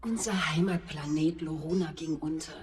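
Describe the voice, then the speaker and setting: A woman voicing a calm, motherly female ship computer in a video game, speaking soothingly. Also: sits low, moderate pace, a little hiss or hum, natural voice. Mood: reassuring. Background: faint game music.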